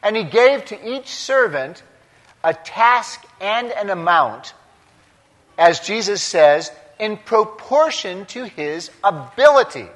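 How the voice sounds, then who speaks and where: A priest preaches with a fairly high voice, taking his time and pausing between short, emphatic phrases. His words ring out with the long reverb of a large church. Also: very animated, a bit bright. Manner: slow, deliberate delivery in short emphatic phrases. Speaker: priest giving a homily. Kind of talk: sermon.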